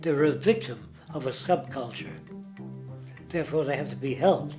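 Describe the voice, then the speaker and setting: A man's voice: on the high side, moderate pace, music in the background. A man giving an impassioned monologue in an emphatic, lecturing manner. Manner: emphatic, lecturing, mimics others. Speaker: interviewee.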